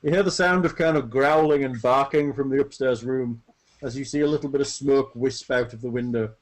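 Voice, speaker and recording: A man running a tabletop game as game master, narrating in a casual, quick way with asides. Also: medium pitch, steady tone.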